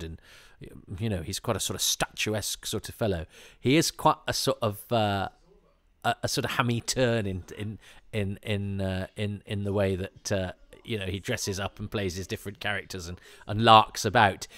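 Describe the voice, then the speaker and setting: A man's voice: on the low side, a bit bright, dry recording. A man hosting a podcast, talking through an episode in a casual, rambling commentary full of restarts and fillers, amused as he goes. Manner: chatty and amused. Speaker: podcast host.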